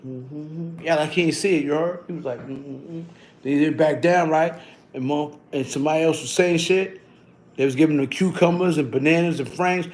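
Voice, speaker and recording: A middle-aged man hosting a casual livestream, telling loose, slangy stories and giving long runs of shout-outs. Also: on the high side, normal speed. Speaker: livestream host.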